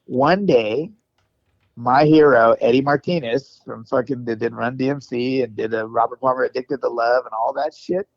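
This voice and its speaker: A male musician telling stories in an interview, animated and profane, rambling with restarts, on a dull lo-fi recording. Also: mid-range voice, moderate pace, vocal fry, no echo. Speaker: guest musician and producer. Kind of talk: casual storytelling interview. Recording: dull lo-fi dry sound.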